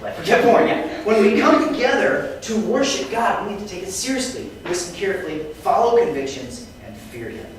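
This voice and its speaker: A man teaching a Bible lesson to students, lively and quizzing the class with questions. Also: high voice, a little fast, hardly any pauses, a crowd in the background. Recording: echoey room, mic far off, faint noise.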